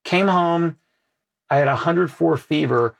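A man's voice: fairly high pitch, measured pace, creaky. A man, a guest in an interview, earnestly telling a personal story with emphasis.

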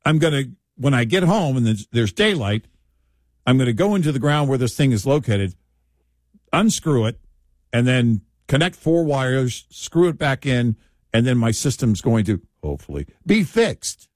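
A man's voice: mid-range voice, moderate pace, no room sound, clean studio sound. A man in casual conversation, telling everyday stories with wry asides. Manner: animated storytelling with wry asides. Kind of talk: casual chat.

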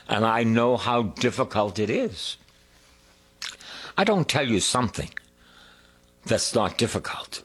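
Slow, husky male preacher. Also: on the low side, lively intonation. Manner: slow, drawn-out preaching with sung lines and hushed whispers. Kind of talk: sermon.

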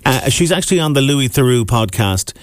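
A man's voice: mid-range voice, lively intonation, fairly quick, dry recording, clean studio sound. An Irish man hosting a radio breakfast show, chatting casually with his co-host and rambling through restarts. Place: radio studio.

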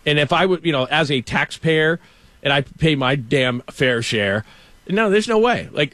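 Male show host, slightly high voice, dry close sound, casual animated sports rant. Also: unhurried, dry recording. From Los Angeles. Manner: animated, ranting, mock quoting.

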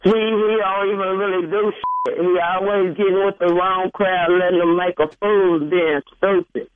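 A woman's voice: fairly low pitch, fairly even intonation, normal speed, dry recording. A woman taking a radio prank call, crying and answering in short, flustered replies. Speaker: prank call victim, a mother. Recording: dull phone line.

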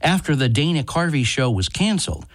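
A man hosting a radio program as a TV critic, reading a scripted segment in a measured, even way. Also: on the high side, dry recording, clean studio sound. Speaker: TV critic and radio show host. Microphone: studio microphone.

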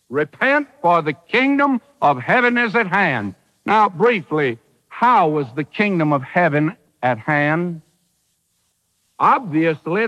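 A man's voice: on the high side, fairly bright tone, in a large hall, highs cut off. A man preaching a sermon, emphatic, with rhetorical questions and dry humor.

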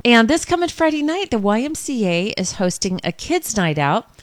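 A woman's voice: a little high, big pitch swings, normal speed, faint music behind. A woman radio host giving chatty, upbeat community announcements into a studio microphone.

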